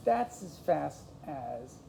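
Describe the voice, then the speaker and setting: In a laid-back monologue to camera, a woman vlogger meanders between ideas, saying "like" and "you know" a lot. Her low, mellow voice is sing-song with vocal fry and a slow pace, captured in a low-quality recording with a little hiss or hum.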